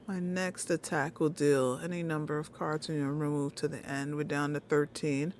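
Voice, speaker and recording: A woman streaming a card game, muttering her moves quietly between bursts of loud laughing chat. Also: deep voice, flat delivery, moderate pace, a little hiss or hum. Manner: mutters quietly while playing, then loud laughing banter. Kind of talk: casual gameplay commentary.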